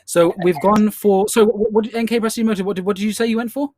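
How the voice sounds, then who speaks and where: British guy hosting a charity quiz online, upbeat, cracks little jokes, kinda high voice, dry sound. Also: fairly even intonation, quick pace, darkish tone, dry recording. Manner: upbeat, with playful ad-libbed asides. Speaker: quiz host.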